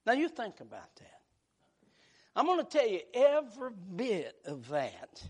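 A man preaching a sermon, moving between quiet, hushed storytelling and loud, shouted passages. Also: very high voice, wildly swooping pitch, a little slow, husky.

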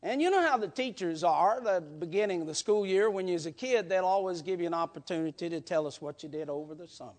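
A man preaching a storytelling sermon in a folksy way, repeating words as he builds up to shouts. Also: high-pitched, fast talker, hardly any pauses.

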